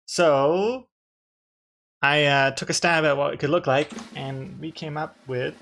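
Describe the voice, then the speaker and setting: A man's voice: on the high side, measured pace, gravelly, a bit bright. A man, a comic artist, chatting casually to his live-stream viewers while drawing, rambling and restarting his sentences with dry jokes.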